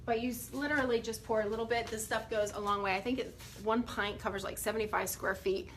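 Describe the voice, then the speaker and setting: A woman's voice: a little high, fairly even intonation, fast talker, fairly bright tone, slight background noise. A woman who refinishes furniture, chatting casually and enthusiastically to viewers through a phone camera while she paints, a little out of breath. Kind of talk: casual how-to painting demonstration.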